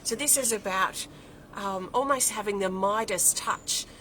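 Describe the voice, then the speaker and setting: Bright-voiced woman giving a card reading. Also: medium pitch, unhurried, slight background noise, poor audio. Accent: non-American English accent. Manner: flowing, repeats and lists words, thinks aloud. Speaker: oracle card reader. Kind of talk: weekly spiritual card reading.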